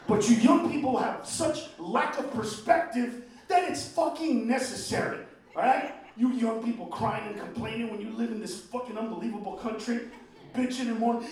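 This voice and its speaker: A middle-aged man doing a stand-up routine on stage, ranting profanely and often shouting. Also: very high-pitched, expressive, normal speed. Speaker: stand-up comedian. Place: stage before a live audience. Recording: echoey venue, distant mic, crowd laughter. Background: audience laughter and room noise.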